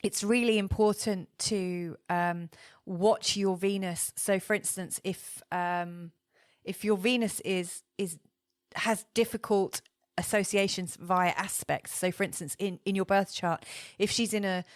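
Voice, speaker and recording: A woman's voice: medium pitch, steady tone, a little slow, no echo. A woman presents a recorded astrology lesson in a mid-range voice. She explains at an easy pace, full of ums and restarted words. The sound is close and dry, with no room around it. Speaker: astrology teacher.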